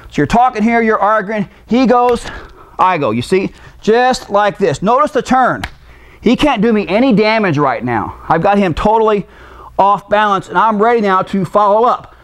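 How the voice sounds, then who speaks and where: High-voiced man teaching self-defense. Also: lively intonation, normal speed. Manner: casual, demonstrating moves while directing a partner. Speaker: martial arts instructor. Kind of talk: demonstrating self-defense techniques.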